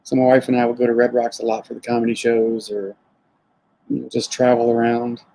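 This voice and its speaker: A man with a Southern American twang, a distillery owner chatting as a guest on a live-stream interview over a video call, relaxed and self-deprecating. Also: mid-range voice, fairly quick, poor audio. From South Florida, raised in Alabama.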